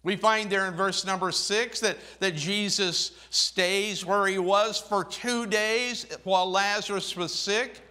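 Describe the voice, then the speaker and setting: A preacher delivers a sermon unhurriedly, his voice bright and somewhat high for a man, with fairly even intonation. He alternates between soft, low phrases and raised, emphatic ones, and reads scripture aloud in old-fashioned wording.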